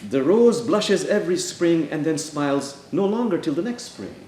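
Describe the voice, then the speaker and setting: A man's voice: fairly high pitch, big pitch swings, moderate pace, mellow, slight background noise. A man voicing a stern, wise male hoopoe bird who acts as a prophet, speaking solemnly and rebuking others in a sermon story. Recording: echoey church room.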